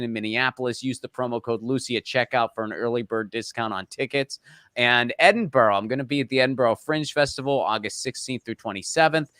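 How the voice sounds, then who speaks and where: A man's voice: medium pitch, a bit bright, clear, resonant tone, dry recording, clean studio sound. A male comedian joining over a video call, chatting casually with self-deprecating humor and running through a long list of dates. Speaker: guest comedian. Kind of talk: casual chat, plugging tour dates.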